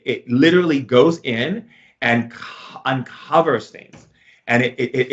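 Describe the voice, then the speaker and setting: A man talks at an average pitch as a spiritual teacher, rambling casually through fillers and restarts. The recording is dull and lo-fi. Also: a bit bright. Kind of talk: casual monologue.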